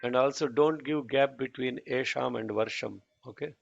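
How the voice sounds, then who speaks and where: A man teaching a chanting class online, patiently correcting pronunciation and demonstrating lines slowly. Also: mid-range voice, gravelly, highs cut off.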